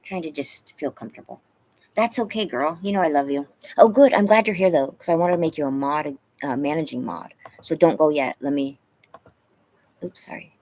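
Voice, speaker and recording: A woman's voice: low voice, moderate pace, a little mellow, rough recording. A woman hosting a casual live stream, chatting with viewers and reading the chat aloud, laughing often. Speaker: livestream host. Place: home, yard.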